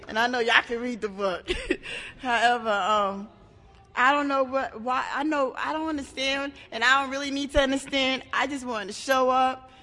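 A woman giving a raw, emotional personal share at a support meeting, talking in halting bursts with many restarts and plenty of swearing. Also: on the high side, a bit bright. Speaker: member sharing at a support meeting. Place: meeting room. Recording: echoey hall.

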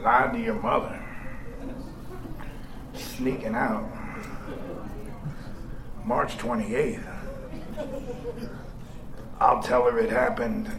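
A man in his forties giving a raw, profane personal testimony to a group, swinging between shouting and hushed talk. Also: medium pitch, fairly even intonation, extremely slow, long pauses. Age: 40s. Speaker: speaker sharing his story with a group. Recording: echoey room with background noise.

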